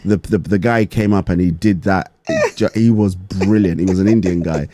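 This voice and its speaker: A man co-hosting a show, chatting casually in a jokey, animated way. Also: low-pitched, normal speed, slight background noise. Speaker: co-host. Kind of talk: casual chat.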